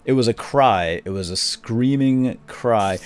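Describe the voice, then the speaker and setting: A middle-aged man telling a family story while playing a game, switching to quiet muttering when he deals with the game. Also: medium pitch, slow. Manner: animated storyteller, drops to quiet muttering over game actions. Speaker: gaming video host. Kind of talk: storytelling during a game playthrough.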